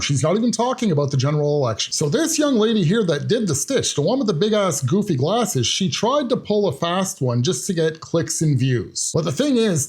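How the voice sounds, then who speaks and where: A man's voice: on the high side, a little mellow, breathy edge. A man hosting a reaction commentary show, talking in a mocking, scolding way. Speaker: commentary host.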